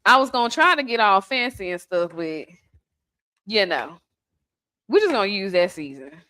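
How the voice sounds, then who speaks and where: A woman's voice: mid-range voice, sing-song, moderate pace, bright, forceful tone. A woman hosting a casual home cooking demonstration in her kitchen, chatty and playful, teasing the person filming. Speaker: home cook host.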